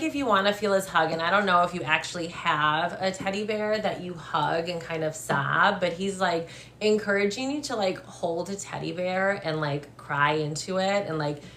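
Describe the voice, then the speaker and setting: Soft-spoken woman giving a psychic reading. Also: lowish voice, slight background noise. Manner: hesitant, many fillers and restarts; soft, gentle and emotional. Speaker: medium. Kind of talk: live-stream psychic reading.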